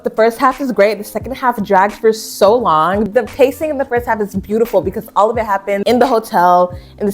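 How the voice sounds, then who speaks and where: A young woman chatting casually about books she read, bubbly and quick to giggle. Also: mid-range voice. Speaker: book reviewer. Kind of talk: casual chat. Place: home room with a bookshelf.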